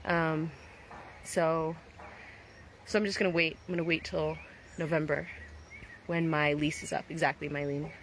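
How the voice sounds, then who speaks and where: A woman's voice: sits low, flat delivery, measured pace, pauses often, a little hiss or hum. Chatty woman talking to viewers. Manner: chatty, reflective, reads viewer names aloud. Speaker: vlogger. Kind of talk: casual live-stream chat.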